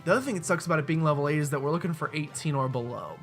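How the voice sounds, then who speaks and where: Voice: mid-range voice, racing, soft background music. A let's-play host giving casual, rambling, self-mocking commentary while playing a game at a desk mic. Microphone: desk mic with webcam.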